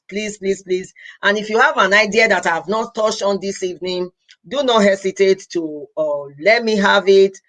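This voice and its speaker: A woman's voice: medium pitch, normal speed, fairly bright tone. A young adult woman from Edo State in Nigeria, with a Nigerian accent, hosting a casual live stream as a healthcare professional. She talks earnestly and pleads, repeating her words and slipping into Pidgin.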